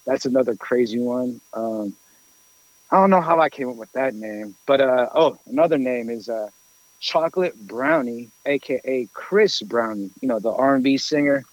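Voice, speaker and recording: A man telling a long story in casual chat, rambling with many fillers and lively quoted voices. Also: medium pitch, normal speed, dry recording, low-quality recording.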